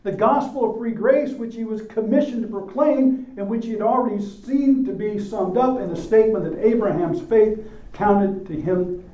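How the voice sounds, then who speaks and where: A man's voice: sits high, dark tone. A man preaching a sermon in a church, emphatic and full of rhetorical questions. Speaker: pastor. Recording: echoey room, mic at a distance.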